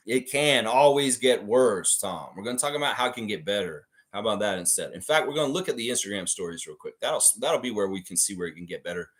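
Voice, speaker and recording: A man's voice: lowish voice, very animated, normal speed, a bit bright. A man hosting a live sports reaction stream, ranting profanely about the game. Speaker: livestream host.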